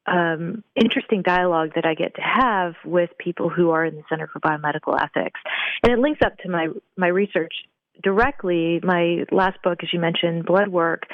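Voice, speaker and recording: A woman's voice: lowish voice, dry recording. Thoughtful woman on a tinny phone line. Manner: thoughtful, explanatory, with frequent fillers. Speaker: guest, professor. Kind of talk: phone interview, explaining at length.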